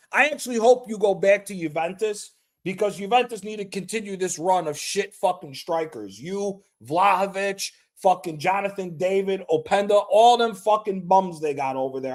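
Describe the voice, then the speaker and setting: A man streaming a live reaction to a football match, excitable and profane, trash-talking the players. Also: high voice. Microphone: streaming mic.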